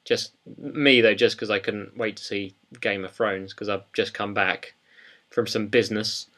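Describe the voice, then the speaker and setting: A young man chats casually on a podcast. His voice sits fairly low. He rambles and hesitates, filling his sentences with ums. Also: steady tone, a little slow, bright, forceful tone. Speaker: podcast co-host. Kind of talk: casual chat.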